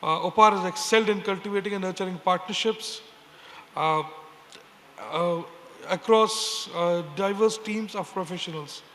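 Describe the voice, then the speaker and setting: A man moderating a conference panel, introducing the speakers in a measured, formal way with frequent hesitations. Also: high-pitched, sharp tone. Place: conference stage. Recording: reverberant hall with faint noise.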